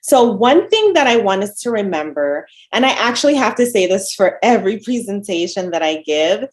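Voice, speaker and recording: A woman dietitian speaks to an online audience in a webinar talk. Her voice sits at a middle pitch, and her tone is earnest and encouraging. She addresses her listeners directly as she teaches. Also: very animated, normal speed. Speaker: dietitian presenter.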